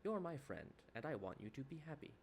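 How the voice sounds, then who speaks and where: A man voicing a gentle, friendly male AI companion program in an earnest, put-on accent. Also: medium pitch, big pitch swings, fairly quick, gravelly, slight background noise, pitched above the performer's own voice.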